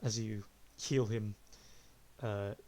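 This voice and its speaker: A man's voice: lowish voice, steady tone, slow pace, a little mellow. Male game master narrating casually. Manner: casual, descriptive, laughs often.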